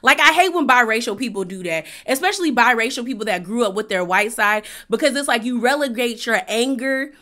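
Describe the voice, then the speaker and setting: A woman vlogger giving casual, blunt and opinionated commentary on a reality TV episode, talking in an animated, slangy way. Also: on the high side, brisk, hardly any pauses.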